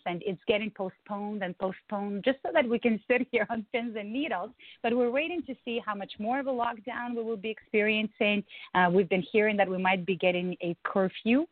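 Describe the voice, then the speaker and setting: A woman's voice: medium pitch, dry recording. A candid woman from Ukraine joins as a guest over a video call and laughs often as she talks. The sound is dry, with no room behind her, and thin like a phone line. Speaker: guest, branding agency co-founder. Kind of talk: casual interview chat.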